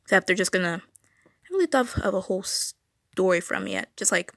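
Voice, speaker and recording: A woman's voice: on the low side, wildly swooping pitch, a little fast, no echo, studio quality. A teenage girl chatting casually while drawing on a livestream, rambling, stuttering and correcting herself often. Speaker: streamer. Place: home room.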